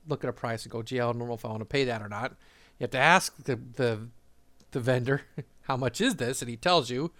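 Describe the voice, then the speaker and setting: A man's voice: mid-range voice, fairly bright tone, dry recording. A man casually telling a travel story, rambling with frequent fillers, restarts and laughter.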